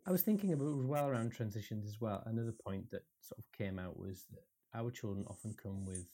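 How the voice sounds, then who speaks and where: Husky, mellow man. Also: lowish voice, a little fast. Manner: thoughtful, self-questioning, with false starts. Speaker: podcast co-host. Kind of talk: casual podcast chat.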